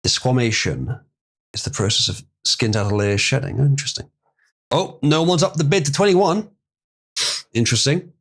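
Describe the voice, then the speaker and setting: A man's voice: mid-range voice, normal speed, pauses often. A man casually chatting on a live stream, reading hard terms aloud and stumbling over some words.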